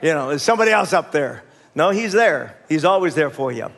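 Older guy pastor preaching, fairly high voice, chuckles, folksy asides, gets the crowd saying amen. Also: lively intonation, brisk, gravelly, fairly bright tone. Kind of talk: sermon.

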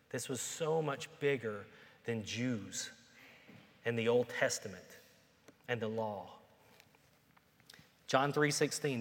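A man delivers a sermon in a church, mixing relaxed conversational asides with rising, forceful declarations. His voice sits at an ordinary middle pitch. A long reverb from the hall trails each phrase. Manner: conversational preaching that builds to loud, emphatic peaks. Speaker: pastor.

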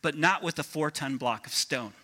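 A man voicing a calm male sculptor who answers in dry, plain replies. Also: on the high side, normal speed.

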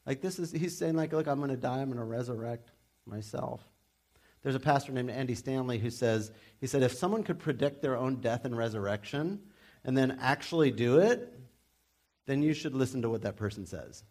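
A male pastor preaching in a relaxed, conversational way. He shifts into animated, humorous asides, and his voice sits at a middle pitch. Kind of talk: sermon.

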